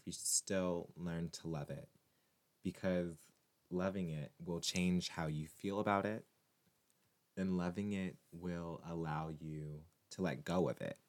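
A man vlogging to his viewers in a casual monologue, animated and teasing, rambling with many restarts. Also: low voice.

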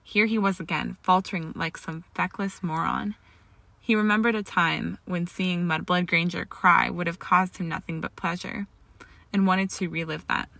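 A woman narrates a story in a steady, measured voice. Her tone is bright and slightly gravelly, sitting a little low for a woman, and the sound is dry and close. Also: no room sound. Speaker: fan fiction reader.

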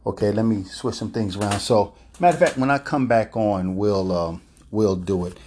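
A man's voice: lowish voice, normal speed, a little mellow, a little hiss or hum. A man hosting a casual solo podcast, rambling and hesitant with many fillers. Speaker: podcast host.

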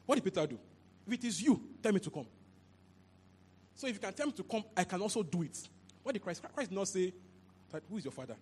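Pastor preaching, high voice, keeps asking "you understand?", little hum behind. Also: male voice, fairly quick, long pauses. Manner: animated, repeats phrases, asks "you understand?". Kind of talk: sermon. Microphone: handheld mic.

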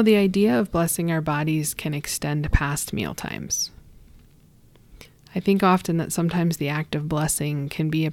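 A woman hosting a reflective talk and reading a gentle blessing, speaking slowly and softly, often trailing into a whisper. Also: deep voice, creaky, dry recording. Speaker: podcast host.

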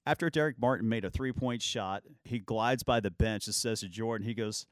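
A man hosting a sports talk show, telling lively basketball anecdotes and acting out what players said. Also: lowish voice, fairly quick, no room sound. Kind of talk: casual sports storytelling.

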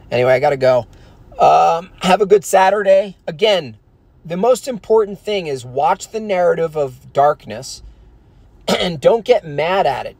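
A man's voice: on the high side, vocal fry, a little mellow, dry recording. A man delivering a casual ranting monologue, profane and rambling, with emphatic asides. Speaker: vlogger.

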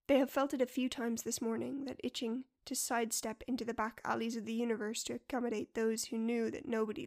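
A woman narrating a story in a soft, quiet and measured voice, sometimes dropping near a whisper. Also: fairly high pitch, vocal fry. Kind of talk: storybook reading.

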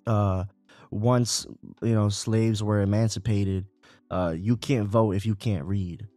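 Profane, animated male podcast co-host. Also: on the low side, slow, dry recording. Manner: profane, animated, frequent fillers. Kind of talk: casual political chat.

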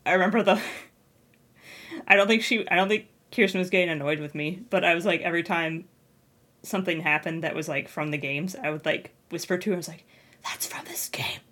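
Woman, very low voice, podcast co-host, casual chat, tentative musing. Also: brisk, a bit bright.

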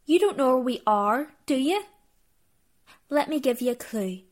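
A woman's voice: high voice, animated, measured pace, a little mellow. A woman podcast host performing a comedy sketch as a tour guide, theatrical and mock-indignant.

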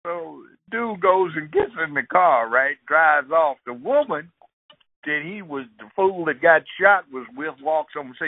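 An older man, a guest on a talk show, telling stories in an animated way and acting out the voices of street characters. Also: on the high side, measured pace, dry recording. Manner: animated, acts out street dialogue. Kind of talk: storytelling in conversation. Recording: tinny dry phone line.

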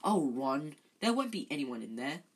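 A reader voicing a clever, brisk schoolgirl in a read-aloud story, with a coaxing manner. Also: mid-range voice, very animated, breathy edge.

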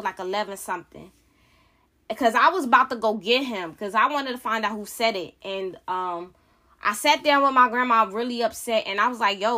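A woman with a high, bright voice tells a story straight to camera in a casual rant. She is blunt and heated, swearing freely as she relives it. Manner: profane, heated, blunt retelling. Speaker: vlogger.

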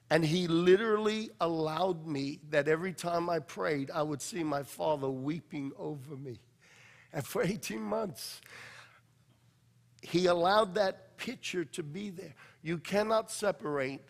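A high-voiced male pastor delivers a sermon in a church sanctuary, his voice carrying a long hall reverb. He tells stories with passion, pushing hard on some lines and dropping almost to a hush on others. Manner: passionate storytelling preacher, swinging from loud to hushed.

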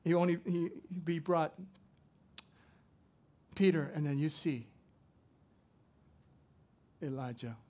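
Animated man preaching a sermon. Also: fairly high pitch, slow pace, pauses often. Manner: animated preaching with swings from loud to soft. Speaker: pastor.

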